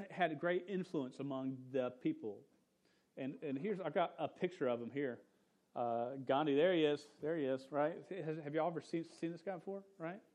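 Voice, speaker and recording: A young adult man giving a casual sermon as a pastor, talking loosely with lots of "dude" and "man," and trailing off quietly at the ends of his points. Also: on the high side, moderate pace.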